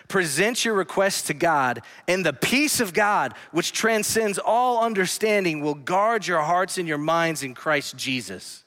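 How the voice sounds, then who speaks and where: A man pastor preaching a sermon in a church, earnestly swinging between hushed lines and emphatic ones. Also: sits high. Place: church sanctuary. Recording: long hall reverb.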